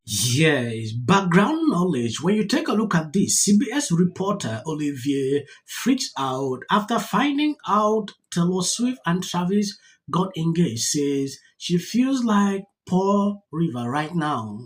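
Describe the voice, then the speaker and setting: A news channel narrator reading commentary in a stiff, halting way, stumbling over words. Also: mid-range voice, big pitch swings.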